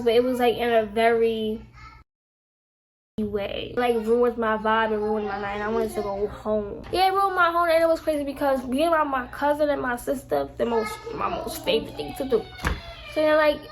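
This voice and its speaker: Young woman vlogger, high-pitched, casual storytime, animated and profane, acts out quotes. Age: young adult. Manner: animated, swears freely, acts out quoted lines. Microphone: phone camera.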